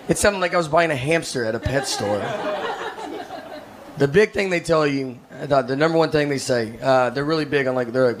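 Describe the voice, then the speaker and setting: A man from Tennessee, doing self-deprecating stand-up comedy in a deadpan way on a stage. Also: medium pitch, a little fast, background noise. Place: comedy stage with a live audience. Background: audience laughter.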